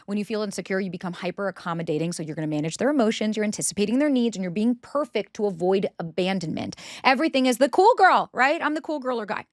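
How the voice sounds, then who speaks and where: A woman's voice: mid-range voice, lively intonation, fast talker, few pauses, no room sound. A blunt woman podcast host giving relationship advice, swearing freely and hitting her points hard. She acts out the voices she quotes. The recording is dry, with no room sound. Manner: blunt and profane, emphatic. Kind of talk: candid advice monologue.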